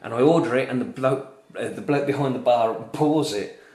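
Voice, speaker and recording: A man's voice: medium pitch, normal speed, a little mellow. A man hosting a live beer review in casual chat, telling stories with chatty, exasperated banter. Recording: roomy echo.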